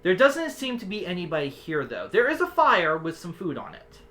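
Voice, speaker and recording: A woman's voice: on the low side, wildly swooping pitch, normal speed, a bit bright. A woman narrating a tabletop game as game master, in rambling descriptive narration with restarts.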